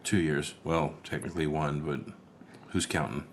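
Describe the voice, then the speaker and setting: A man's voice: extremely low pitch, steady tone, moderate pace, slight background noise. A man co-hosting a casual movie-review podcast. He is laid-back and tired late at night, swears freely, and often trails off mid-thought. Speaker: podcast co-host.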